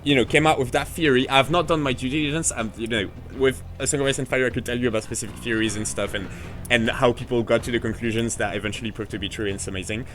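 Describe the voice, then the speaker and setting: A man with a French accent, a French native speaker, chatting casually on a live game stream in a rambling, excitable way with lots of fillers. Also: medium pitch, fast talker, slight background noise.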